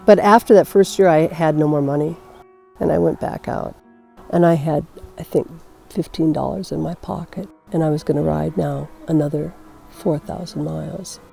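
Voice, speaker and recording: A woman's voice: low-pitched, vocal fry, mellow. An older woman reflecting in a documentary interview, thoughtful and searching for her words. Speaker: long-distance horseback rider.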